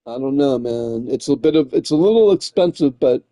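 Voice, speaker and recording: A gaming streamer with a medium-pitched, dark-toned voice and lively intonation chats casually at a moderate pace, with no room sound. He rambles and swears, frequently throwing in "man" and "dude."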